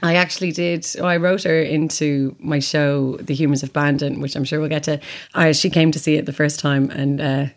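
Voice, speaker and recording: Chatty Irish woman, lowish voice. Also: fairly even intonation, moderate pace, hardly any pauses. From Ireland. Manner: chatty storytelling, laughs easily. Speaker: guest. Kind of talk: casual chat.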